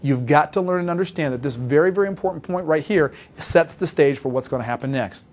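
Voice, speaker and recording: Brisk, emphatic man teaching fast. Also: fairly high pitch, a little mellow. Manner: brisk, emphatic, repeats for stress. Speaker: sales trainer. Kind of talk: instructional talk with role-played phone calls.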